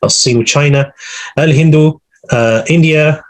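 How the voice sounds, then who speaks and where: A man's voice: a little high, measured pace. A man teaching an online Arabic class on a video call, patiently going through vocabulary with translations.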